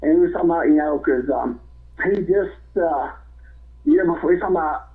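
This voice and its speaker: High-voiced man telling stories over the phone. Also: fairly quick, gravelly. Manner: rambling, animated, laughs often. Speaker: guest, former wrestler. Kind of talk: casual storytelling. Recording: tinny phone line.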